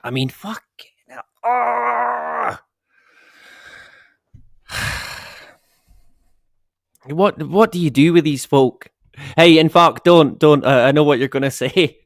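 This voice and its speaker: A man's voice: on the high side, measured pace, pauses often, no room sound. Man, middle-aged, rambling live-stream host, dry close sound. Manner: rambling, sweary, with chuckles. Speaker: livestream host. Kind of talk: casual live-stream chat.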